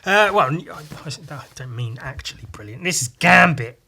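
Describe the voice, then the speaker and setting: A man's voice: on the high side, lively intonation, moderate pace, gravelly, pushed and bright, a little hiss or hum. A man hosting a podcast, talking in a casual, rambling monologue that is full of swearing and asides. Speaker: podcast host.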